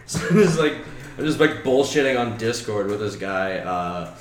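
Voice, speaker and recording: A man's voice: on the low side, lively intonation, normal speed, a little hiss or hum. Swearing young man telling a story. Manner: laughing, swearing, acting out others' lines. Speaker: storyteller in a group podcast chat. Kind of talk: casual profane storytelling. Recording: roomy echo with loud laughing group.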